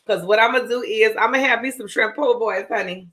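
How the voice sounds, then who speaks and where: A woman's voice: a little high, fairly quick, a bit bright. A woman with a New Orleans accent, hosting her own show and chatting casually to viewers while she cooks. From Louisiana. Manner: chatty, talks straight to viewers. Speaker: show host. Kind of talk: casual cooking chat.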